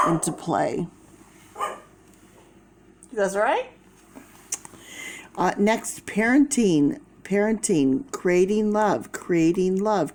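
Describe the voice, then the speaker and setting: A woman's voice: on the low side, slight background noise. A woman giving a chatty, casual tarot reading to her viewers. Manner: slow, chatty, talking to viewers. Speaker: tarot reader.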